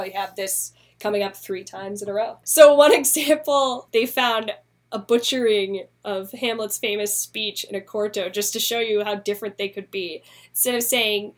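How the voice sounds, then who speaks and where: A woman hosting a casual podcast, chatty and animated as she explains theatre history with quick asides. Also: on the high side. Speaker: podcast host.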